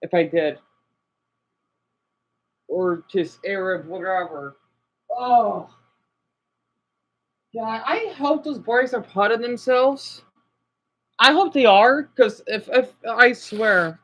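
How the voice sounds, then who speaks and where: A man's voice: high-pitched, takes it slowly, pauses often, a bit bright. A man talks to his livestream viewers in a rambling rant. He stumbles over his words, restarts his sentences and keeps apologizing as he vents. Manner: upset, ranting, with many restarts and apologies. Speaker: livestreamer reacting to videos.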